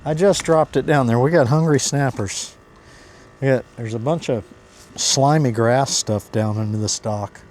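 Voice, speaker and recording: A man hosting a fishing vlog, talking excitedly to viewers as he fishes outdoors from a kayak. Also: medium pitch, a little slow, a little hiss or hum. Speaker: fishing vlogger host. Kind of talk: casual running commentary.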